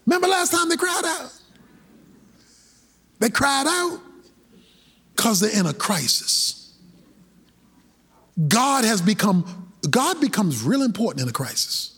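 Husky animated male preacher. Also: very high voice, takes it slowly, long pauses. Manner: animated, shouting bursts, colloquial preaching. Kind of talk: sermon.

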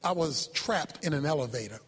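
A male preacher delivering a sermon, shouting his points with emphasis, then dropping to soft low asides, acting out sounds and asking rhetorical questions. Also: animated, fairly quick, husky, big-room sound.

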